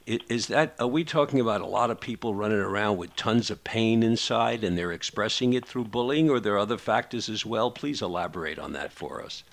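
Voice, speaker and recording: A man hosting a radio interview, asking questions haltingly with many fillers and repeated words. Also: lowish voice, creaky, fairly bright tone. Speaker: radio host, therapist.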